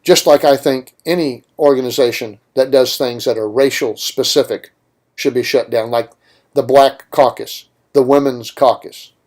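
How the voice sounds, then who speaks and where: A man's voice: mid-range voice, fairly even intonation, moderate pace, a little mellow. A man hosting a political talk radio show, delivering an opinionated monologue with emphatic points and rhetorical questions.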